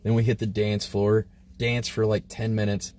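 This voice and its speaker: His fairly low, slightly mellow voice shows little pitch movement and runs at normal speed as he casually recounts a crude story to viewers on a livestream. The telling is rambling and heavy on filler words, with slight background noise.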